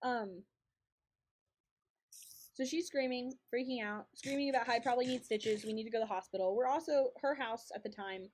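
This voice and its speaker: A woman's voice: fairly high pitch, a little fast, a little mellow. A young woman streaming a game and chatting casually, telling a story with frequent laughs and lots of repetition. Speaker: streamer and co-host. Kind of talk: casual storytelling while gaming.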